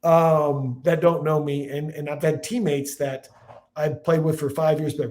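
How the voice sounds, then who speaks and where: A man in his forties with a slightly high voice tells long stories. He is rambling and animated, restarting his sentences as he goes. He is a podcast guest from Illinois. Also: normal speed. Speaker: podcast guest, football analyst. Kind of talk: casual storytelling chat.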